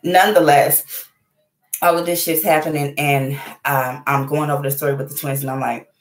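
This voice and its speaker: A woman in her thirties telling a personal story in a casual monologue, candid and animated, swearing freely and often checking in with "right?". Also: deep voice, moderate pace, reverberant.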